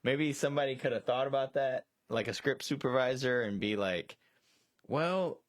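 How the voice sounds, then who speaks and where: A man's voice: medium pitch, a little fast, no room sound, clean studio sound. A man co-hosting a casual movie chat on a live stream, rambling with many restarts and fillers. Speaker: co-host. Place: storage shed.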